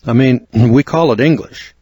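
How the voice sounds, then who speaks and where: An older American man narrating a spoken book review in a measured, earnest lecturing way with asides. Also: mid-range voice, dark tone, husky, dry recording. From United States.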